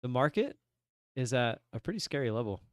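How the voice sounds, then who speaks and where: A young man telling a rambling, animated story on his trading livestream from his desk at home. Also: medium pitch, brisk, dry recording, studio quality. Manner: animated, rambling, many restarts and "I'm like". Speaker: livestream day trader. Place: home room at a computer desk.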